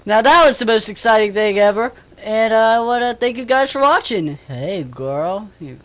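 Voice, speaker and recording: A male gaming host giving excitable play-by-play commentary, muttering low asides and breaking into shrieks and yells at tense moments. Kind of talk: gameplay commentary.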